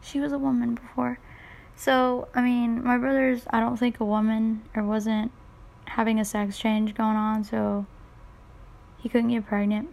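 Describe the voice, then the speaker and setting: A woman's voice: fairly high pitch, flat delivery, measured pace, creaky, darkish tone. Congested young woman rambling on a podcast. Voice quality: congested, nasal from sinuses. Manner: rambling, self-deprecating, jokey asides. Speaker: podcast host. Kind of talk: casual solo podcast chat.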